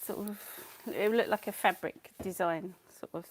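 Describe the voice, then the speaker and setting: A woman's voice: medium pitch, moderate pace. Giggly woman live-streaming her painting. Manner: chatty, giggly, greets viewers by name. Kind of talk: casual live-stream chat. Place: home. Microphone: clip-on mic.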